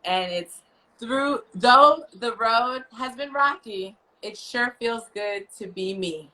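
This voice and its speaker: A woman's voice: fairly high pitch, takes it slowly, bright, forceful tone, rough recording. An American woman hosting a podcast, upbeat and teasing as she interviews a guest. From United States. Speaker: podcast host. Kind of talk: casual video interview.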